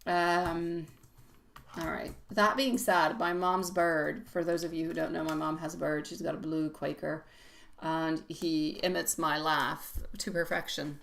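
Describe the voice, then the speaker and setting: Bright, chatty woman tarot reader. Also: low-pitched, level tone, unhurried, gravelly. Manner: chatty, affectionate, laughs often. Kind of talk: live-stream tarot reading and chat.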